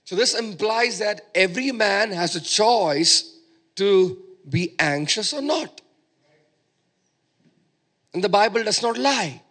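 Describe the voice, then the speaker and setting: A man's voice: sits high, animated, slow pace, long pauses, a bit bright. A man preaching a sermon, emphatic and repeating phrases for stress.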